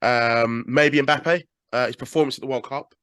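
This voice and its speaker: A British man in his thirties hosting a casual podcast interview over a call, chatty and quick to laugh. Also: medium pitch, steady tone, a bit bright, clean tone, dry recording, clean studio sound. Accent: British English. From England. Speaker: podcast host.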